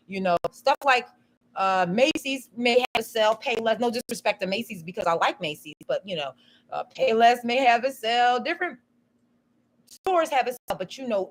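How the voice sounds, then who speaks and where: A woman chatting casually on a live stream, telling a rambling story full of "you know" and "um". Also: on the high side.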